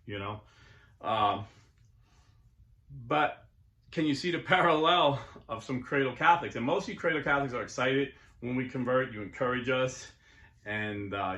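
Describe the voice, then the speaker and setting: A middle-aged man talks in a casual, earnest monologue at a middle pitch. He slips into preachy bursts as he makes his point. The sound carries the echo of a bare room. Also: sharp tone. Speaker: YouTube host and Catholic convert. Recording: echoey room.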